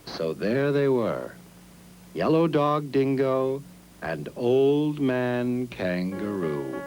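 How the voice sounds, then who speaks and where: Man, storyteller, sing-song rhythmic narration, slow, lively pitch, music underneath. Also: rough recording. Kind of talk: scripted children's story narration.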